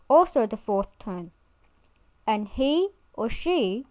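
Clear, careful woman teaching words. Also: fairly high pitch, sing-song, no echo. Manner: clear, careful, slows down to model each word. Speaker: language teacher. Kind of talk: scripted instructional narration.

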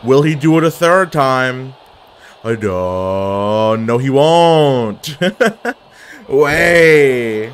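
A young man streaming a wrestling video game, giving excitable, trash-talking commentary that swings from mumbling to yelling. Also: mid-range voice, extremely slow, slight background noise. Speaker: gaming streamer. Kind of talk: live gameplay commentary.

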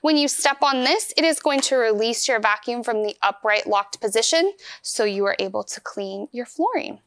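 A woman with a slightly high, smooth and clear voice walks through a product demonstration step by step. She sounds upbeat and chatty. The sound is dry and close. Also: expressive, moderate pace, dry recording. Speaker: vacuum store product demonstrator.

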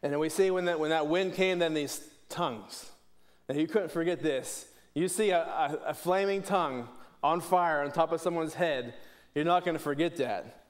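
A man's voice: on the high side, moderate pace. A man from preaching a sermon in church, earnest, often restarting and repeating words. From Pittsburgh, USA.

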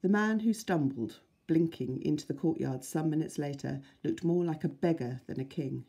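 Warm, breathy teacher reading aloud. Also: female voice, low voice, moderate pace. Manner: friendly, expressive storytelling. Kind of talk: reading a children's book aloud.

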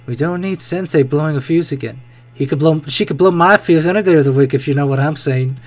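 A young man with a slightly high voice reacts to a visual novel in a joking let's play. He talks excitably, jumps into loud reactions and swears freely. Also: a little fast. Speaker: gaming video host.

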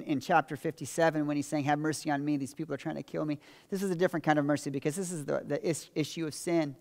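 Gravelly-voiced pastor preaching in a hall. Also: male voice, on the high side. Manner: storytelling, rising to emphatic quotes, dropping to quiet confession. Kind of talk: sermon. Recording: long reverb of a large hall.

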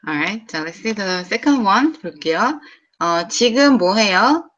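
Korean-accented woman, Korean teacher in a casual lesson, repeats words clearly for the student, mid pitch, slightly muffled audio. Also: lively intonation, fairly bright tone. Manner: mixes English and Korean, models slow clear pronunciation.

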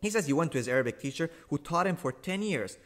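A man's voice: expressive, fast talker. A man delivering a sarcastic, emphatic argumentative monologue as a religious commentator, hammering points home with repetition. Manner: repeats points for emphasis with big swings in pitch and loudness. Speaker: religious commentator rebutting a video.

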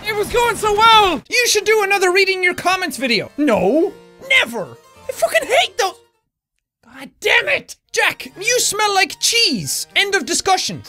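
A young man yelling and joking through loud, manic let's-play commentary. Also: extremely high pitch, very animated, a little slow, soft background music. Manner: loud, manic, shouting and yelping. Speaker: gaming YouTuber.

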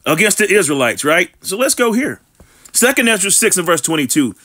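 A male preacher with a high, sharply bright voice that swings widely up and down. He delivers an online sermon, reading scripture aloud and firing off emphatic rhetorical questions laced with street slang. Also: very animated, a little fast.

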